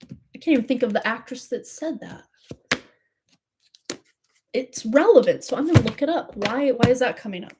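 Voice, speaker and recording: A woman's voice: on the high side, animated, moderate pace, pauses often, noisy background. A woman giving a live tarot reading in a chatty, rambling way, laughing often. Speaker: tarot reader.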